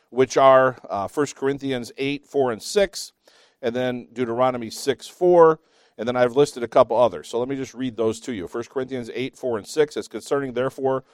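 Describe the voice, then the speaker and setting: A man teaching a Bible class, reading scripture slowly with emphasis between chatty asides and small self-laughs. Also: medium pitch, a little mellow, dry recording, studio quality.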